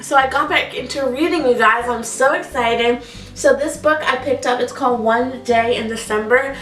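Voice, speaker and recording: A woman's voice: moderate pace, far from the mic. A woman in her twenties chatting casually on camera about her favorite products, gushing and repeating how much she recommends things. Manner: chatty, gushing, repeats "so good" and "highly suggest". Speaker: beauty vlogger. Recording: echoey room, voice a bit off-mic, soft music. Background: faint background music.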